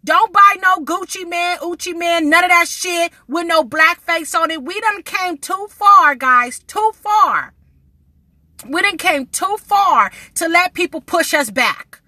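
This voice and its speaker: Woman, high bright voice, blunt indignant rant, dry close sound. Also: lively intonation, measured pace, dry recording. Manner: indignant, blunt, swears freely. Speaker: vlogger. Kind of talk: casual vlog rant to camera.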